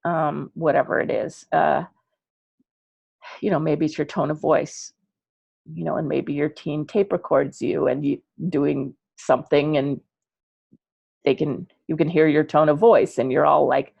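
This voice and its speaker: Gravelly woman teaching a chatty class. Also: deep voice, measured pace, no room sound, muffled recording. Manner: chatty, animated, acts out little dialogues. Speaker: ADHD coach teaching parents. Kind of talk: online class lecture.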